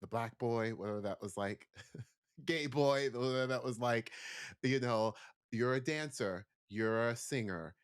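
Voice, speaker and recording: A man talks slowly and unhurriedly as a guest, circling his thoughts with lots of "like" and restarts. He sounds reflective and open. The chat happens backstage in his dressing room. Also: mid-range voice, clean tone. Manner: searching, heavy use of "like" fillers. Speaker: guest, stage performer. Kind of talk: reflective interview answers.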